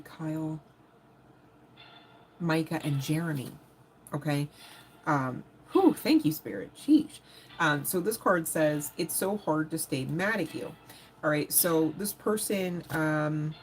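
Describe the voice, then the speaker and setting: This tarot reader's low-pitched voice is a little mellow as she gives a laid-back live-stream reading, chatting bluntly, swearing frequently and laughing with her viewers. The poor-quality audio carries a slight hiss or hum.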